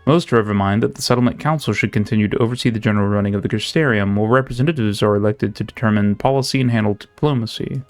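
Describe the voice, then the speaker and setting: A man voicing a gentle, devoted woman of a city in a game, reading her lines in formal, old-fashioned phrasing. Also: on the low side, rapid-fire, few pauses, soft background music, close to an everyday voice. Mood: earnest. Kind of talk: reading game dialogue aloud.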